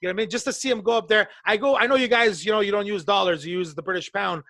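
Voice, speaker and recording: A man from Canada telling stories on a podcast in a casual, profane, animated way, acting out the people he quotes. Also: high-pitched, very fast, no echo. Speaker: podcast co-host. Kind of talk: casual storytelling chat.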